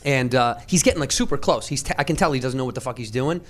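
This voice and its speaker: A man from Chicago, a comedian guest, telling stories in an animated way, swearing a lot and shouting out the quotes. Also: medium pitch, fast. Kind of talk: animated storytelling on a talk show.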